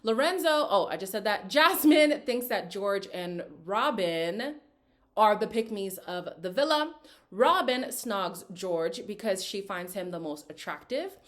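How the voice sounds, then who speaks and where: A woman's voice: medium pitch, expressive, a little slow, a bit bright. A woman giving casual, opinionated commentary as she recaps a reality dating show, talking straight to her viewers. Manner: opinionated, chatty, slips into quoted voices.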